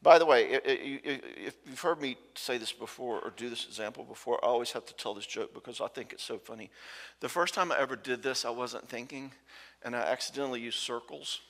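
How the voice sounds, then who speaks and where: Man, folksy joking conference talk, bright tense voice, long hall reverb. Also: mid-range voice, brisk. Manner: folksy, joking, acts out spouses' lines. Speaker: conference speaker. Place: church hall.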